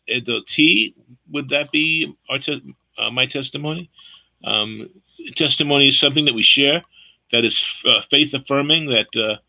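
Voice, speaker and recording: Bright sharp-voiced guy running a bible study, asks for questions, trips over his words a bit. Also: medium pitch, poor audio. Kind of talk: leading an online Bible study.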